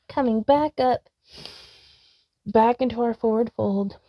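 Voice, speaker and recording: A woman leading a yoga class, calling out slow, calm cues and directions. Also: on the high side, dry recording, rough recording. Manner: slow, calm cueing with soft laughs. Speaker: yoga instructor.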